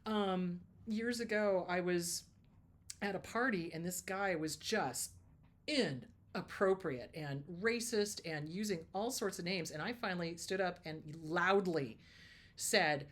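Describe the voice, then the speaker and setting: A woman's voice: lowish voice, takes it slowly. A middle-aged woman therapist hosting an advice show, talking casually and emphatically, telling stories and acting out quotes. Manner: emphatic, lively storytelling with laughs and mock quotes.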